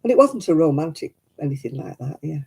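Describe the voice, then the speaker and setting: A woman's voice: low-pitched, big pitch swings, fast talker, dark tone, slightly rough, poor audio. A middle-aged woman chatting casually at home while she crafts. She tells stories and laughs often. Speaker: craft vlogger.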